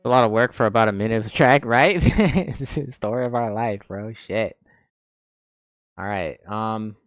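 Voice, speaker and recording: Low-voiced laid-back male producer. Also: moderate pace. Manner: laid-back and slangy, muttering half-finished thoughts. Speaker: music producer streaming a session. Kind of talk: casual thinking-aloud commentary while mixing.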